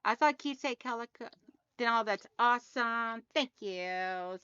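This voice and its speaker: Bright, chatty woman livestream host. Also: a little high, unhurried, smooth, dry recording, lo-fi sound. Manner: chatty, talks straight to viewers and reads out chat comments. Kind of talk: casual livestream chat.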